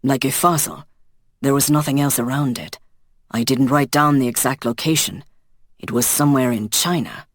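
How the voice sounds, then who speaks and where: A calm, guarded centuries-old vampire, put on by an audiobook narrator. He keeps his lines short and low-key. The recording is close and dry. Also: normal speed, dry recording, natural voice.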